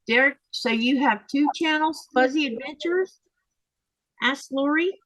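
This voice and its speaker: Tired and yawning repeatedly, a woman runs a casual live sewing stream, reading viewer comments aloud and answering them chattily. Her voice is on the higher side, a bit bright, and slow-paced. The recording is dry and close with no echo, but the audio quality is poor.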